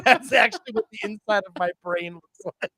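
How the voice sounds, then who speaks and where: A man's voice: sits high, fairly quick, sharp tone, dry recording. A man co-hosting a casual talk show, chiming in with wry quips and laughter. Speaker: podcast co-host. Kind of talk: casual chat.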